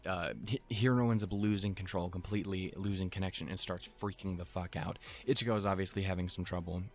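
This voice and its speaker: Low-voiced man rambling through an anime recap. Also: steady tone, fast, faint music behind. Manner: rambling, profane, chuckling asides. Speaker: anime reviewer. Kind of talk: casual episode recap commentary.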